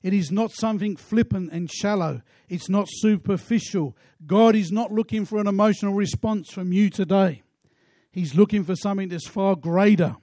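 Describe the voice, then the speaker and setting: A pastor preaching a sermon in an earnest way, asking rhetorical questions. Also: male voice, sits high, mellow, no room sound, studio quality.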